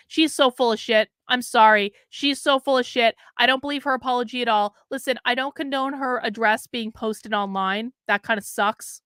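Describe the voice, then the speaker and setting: A woman's voice: a little high, normal speed, hardly any pauses, a bit bright, clean tone, dry recording, studio quality. Sarcastic woman host reading news. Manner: sarcastic, scornful, rambling asides. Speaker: political commentary host.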